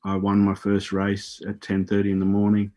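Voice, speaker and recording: A man's voice: fairly low pitch, completely flat delivery, moderate pace, dark tone. A middle-aged Australian man, a radio guest, telling rambling stories with repeated words and casual swearing. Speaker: guest, former Olympic hurdler. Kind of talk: casual storytelling on a radio show.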